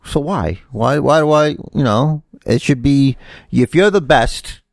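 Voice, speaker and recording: A man's voice: medium pitch, animated, a little slow, gravelly, no room sound, clean studio sound. A man co-hosting a wrestling podcast, rambling and restarting his sentences in casual chat. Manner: rambling, restarts often, teasing. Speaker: podcast co-host.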